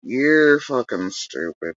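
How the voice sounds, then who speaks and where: A woman's voice: a bass voice, sing-song, slow, no room sound, lo-fi sound. Foul-mouthed woman ranting on a livestream. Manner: profane, mocking rants. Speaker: livestream host. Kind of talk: casual livestream commentary.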